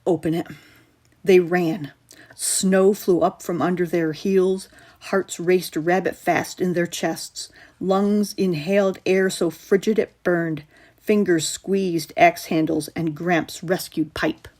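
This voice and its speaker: Woman author narrating her horror short story; lowish, suspenseful, measured. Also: fairly even intonation, darkish tone.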